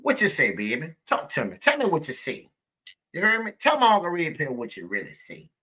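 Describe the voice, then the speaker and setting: Hosting a live stream, a man preaches at his viewers, says the same things over and over, and keeps calling them baby. His husky voice runs on the high side, brisk and sharp, with huge swings in pitch.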